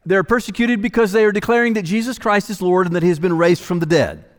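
A man's voice: high voice, fast talker, big-room sound. A man preaching an expository sermon as pastor, dramatic and emphatic, sometimes dropping to a near-whisper for weight.

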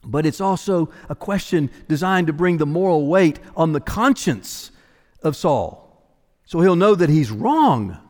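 A man's voice: on the high side, big pitch swings, a little slow, darkish tone, in a large hall. A man preaching an expository sermon as pastor, dramatic and emphatic, sometimes dropping to a near-whisper for weight.

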